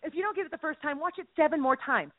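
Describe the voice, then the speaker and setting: A woman co-hosting a faith chat, bubbly and quick to burst into laughter as she acts out lines. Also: sits high, no room sound. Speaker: podcast co-host. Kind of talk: casual chat about faith. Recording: tinny phone-like line.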